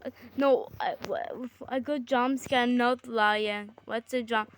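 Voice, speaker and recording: A woman in casual gaming chat with her sibling, excitable and bickering with quick exclamations. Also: a little high, slight background noise. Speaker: gamer.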